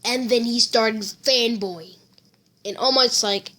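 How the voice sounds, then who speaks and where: A woman's voice: a little high, fairly even intonation, takes it slowly, pushed and bright. A woman casually telling a fan story, rambling with fillers and self-corrections.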